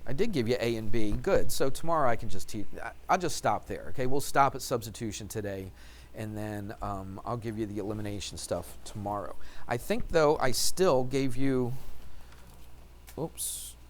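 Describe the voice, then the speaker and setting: A man's voice: lowish voice, lively intonation, normal speed, a little hiss or hum. A male math teacher talking through algebra steps, asking questions and answering them himself as he writes. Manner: talks while writing out steps. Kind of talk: classroom lecture.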